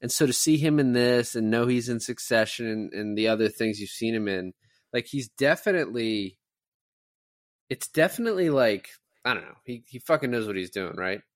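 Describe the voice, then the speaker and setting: A man co-hosting a podcast who talks quickly and argues his point in casual movie chat, trailing off with filler words. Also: mid-range voice, expressive. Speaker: podcast co-host.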